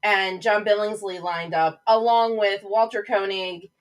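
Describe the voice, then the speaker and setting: A woman's voice: medium pitch, fairly even intonation, unhurried, rough recording. A woman hosting a casual livestream, chatting and rambling between topics and greeting viewers by name. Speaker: livestream host.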